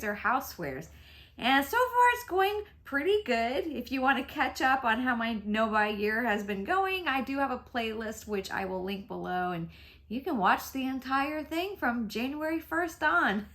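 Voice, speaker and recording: A chatty, excitable woman in her fifties, vlogging casually to camera about beauty at home and laughing often. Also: high voice. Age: 50s.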